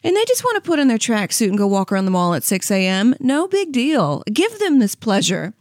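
A woman's voice: on the high side, huge pitch swings, a little fast, a little mellow, dry recording. Chatty woman in her thirties, dry close sound. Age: 30s. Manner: rambling, candid and self-mocking, with frequent "like" and "you know what I mean". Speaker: podcast host. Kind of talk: comedic monologue.

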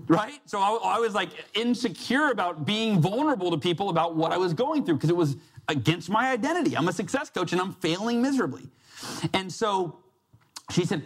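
A man's voice: high-pitched, expressive, a little fast. A man giving a motivational talk to a live audience, telling a personal story and acting out the quoted voices. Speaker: success coach and speaker.

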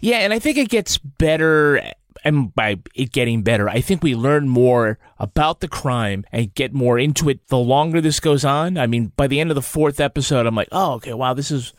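A man co-hosting a podcast review, talking in a hesitant, measured way. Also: mid-range voice, expressive, dry recording, studio quality. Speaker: podcast co-host. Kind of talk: casual review chat.

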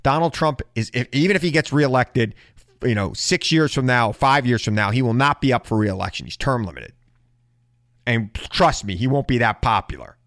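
A man's voice: medium pitch, lively intonation, moderate pace, no room sound. Indignant man, dry close sound. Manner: indignant, rising to shouted rhetorical questions. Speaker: political commentator. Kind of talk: impassioned political monologue.

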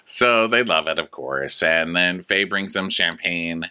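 A man recapping reality TV with snark and jokes. His voice sits a little low but sounds bright and forceful. He talks in quick comic asides as he tells the story. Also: animated, smooth. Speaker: podcast co-host.

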